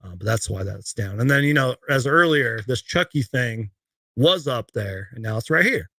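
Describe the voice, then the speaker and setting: A man's voice: mid-range voice, lively intonation, normal speed, fairly bright tone, dry recording. A young man hosting a casual live Q&A stream from home, rambling chattily as he reads viewer questions. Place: home room with shelves of collectibles.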